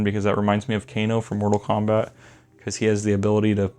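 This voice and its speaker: A man's voice: lowish voice, flat delivery, fairly quick, smooth. A young man rambling enthusiastically through a casual album review, full of filler words. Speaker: music reviewer.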